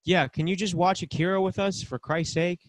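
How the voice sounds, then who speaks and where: A man's voice: high-pitched, steady tone, brisk, dry recording. A man co-hosting a podcast in casual chat, with dry, sarcastic humor. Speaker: podcast co-host.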